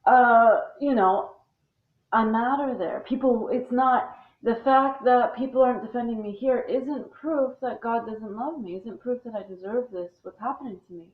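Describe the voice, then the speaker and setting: A woman's voice: a little high, moderate pace. Woman, intense and blunt monologue, profane and rambling; phone-quality audio with room echo. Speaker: speaker on religion. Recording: tinny phone-like sound in an echoey room.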